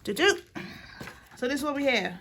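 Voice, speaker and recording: A woman's voice: high voice, expressive, moderate pace, noisy background. A woman hosting a casual papercraft tutorial, chatting and joking with her viewers as she works. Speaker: papercraft video host.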